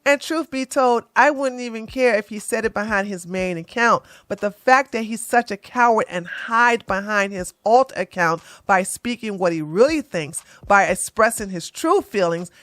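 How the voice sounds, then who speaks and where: A woman's voice: medium pitch, lively intonation, moderate pace, few pauses, a bit bright, no room sound. Blunt, mocking woman commentator, dry sound. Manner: blunt, mocking, talks straight back at the person she covers. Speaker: commentary channel host. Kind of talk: comedic commentary reading tweets aloud.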